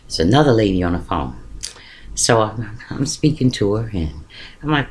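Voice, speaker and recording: A man telling a personal story in a casual, colloquial way, with big swings in pitch for emphasis. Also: expressive, normal speed.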